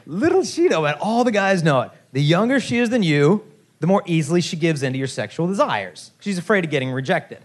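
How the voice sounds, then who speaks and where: A man's voice: on the high side, fairly quick. A man in his thirties speaking to a teen assembly, telling jokey stories and talking straight to the crowd. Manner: lively, jokey, addresses the crowd directly. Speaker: youth chastity speaker. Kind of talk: animated storytelling talk to a teen assembly.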